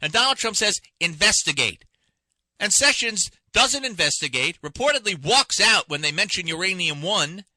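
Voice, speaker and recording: A man's voice: high-pitched, animated, moderate pace, few pauses, bright, forceful tone, no room sound. A man hosting a talk radio show, delivering an impassioned, indignant monologue full of rhetorical questions from a radio studio. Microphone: studio microphone.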